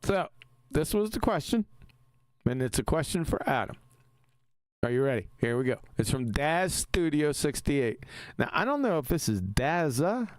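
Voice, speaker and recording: Emphatic man hosting a lively stream. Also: fairly high pitch, no room sound. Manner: emphatic, argumentative, quick to laugh. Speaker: live-stream host. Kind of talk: casual live-stream chat.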